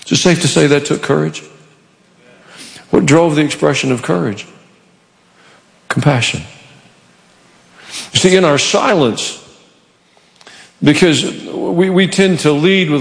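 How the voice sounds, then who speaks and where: A man's voice: on the high side, a little slow, creaky, pauses often, in a large hall. A man preaching a sermon in church, telling a story with animation and acting out the quoted lines. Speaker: pastor.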